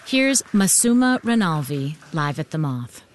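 A woman host reading a scripted introduction in a clear, composed way. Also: low voice, sing-song, a little slow. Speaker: podcast host. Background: faint music.

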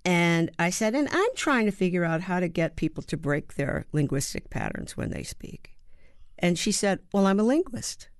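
A woman in her seventies, an actor and playwright from the United States, telling stories in an interview with halting starts and rhythmic emphasis. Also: lowish voice, expressive, no echo, studio quality. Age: 70s. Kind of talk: conversational interview.

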